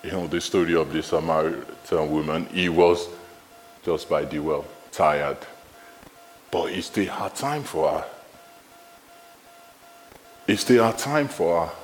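A man with a Nigerian accent preaching a sermon in a church, lively and animated, often repeating his phrases. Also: unhurried, pauses often, in a large hall, faint music behind. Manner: lively, animated, repeats phrases, rises high when excited.

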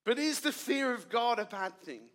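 Bright-voiced pastor preaching. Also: male voice, extremely high pitch, very animated, moderate pace. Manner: earnest, dramatic drops to quiet. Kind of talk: sermon with storytelling.

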